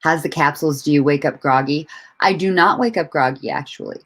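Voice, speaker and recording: A woman's voice: deep voice, brisk. A woman hosting a casual livestream chat from home, laughing often, swearing freely and rambling with restarts while she greets and answers viewers. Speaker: livestream host.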